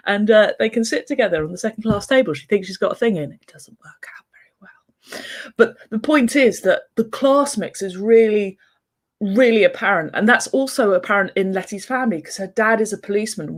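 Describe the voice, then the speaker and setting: Woman author, casual vlog delivery, mid-range pitch, chatty and digressive, keeps restarting her sentences. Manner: chatty, rambling, full of asides and restarts. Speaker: children's book author.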